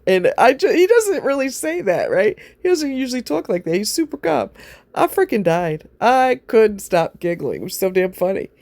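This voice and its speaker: A woman's voice: low-pitched, darkish tone, no echo. A woman chatting casually to camera, rambling from one aside to the next and often laughing. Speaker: vlogger. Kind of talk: casual chat.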